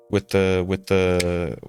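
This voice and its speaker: Chatting casually with his viewers, this game streamer, a native Portuguese speaker with a Portuguese accent, tends to repeat himself and call people brother. His voice sits low.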